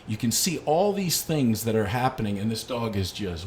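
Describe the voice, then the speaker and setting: A man's voice: fairly low pitch, normal speed, a little hiss or hum. Middle-aged man teaching dog training. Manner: storytelling with lively anecdotes. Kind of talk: casual instructional talk.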